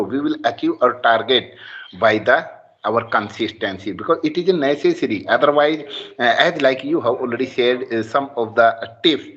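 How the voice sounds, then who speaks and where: A man, a student speaking earnestly and haltingly to his teacher in an online class. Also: medium pitch, fairly bright tone, muffled recording.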